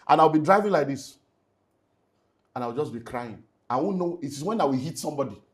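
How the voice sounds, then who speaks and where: A middle-aged Nigerian man, a pastor, telling an earnest, animated personal story in an interview and slipping into Pidgin. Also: on the high side, brisk. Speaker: pastor and relationship speaker.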